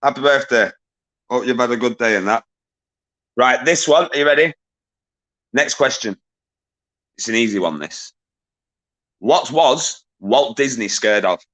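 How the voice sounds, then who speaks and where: A man hosting a live-stream quiz, bantering with chat, giving quick shout-outs, swearing casually and laughing often. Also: medium pitch, lively intonation. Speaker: livestream quiz host.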